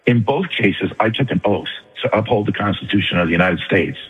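Caller: older man, New York accent, husky, tinny phone line, reverb. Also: on the low side, expressive, faint music behind. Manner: fast, earnest, piling up points. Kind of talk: call-in radio talk.

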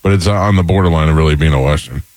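A middle-aged man with a very low voice hosts a morning radio show. He tells lively, animated stories to his co-hosts. The studio sound is close and dry. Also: racing, no echo. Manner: storytelling, animated, puts on voices in anecdotes. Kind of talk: casual morning show banter.

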